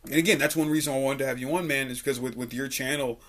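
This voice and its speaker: A man's voice: medium pitch, steady tone, quick pace, fairly bright tone. A man in his twenties hosting a podcast, telling a story in laid-back casual chat, swearing freely and laughing often. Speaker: podcast host.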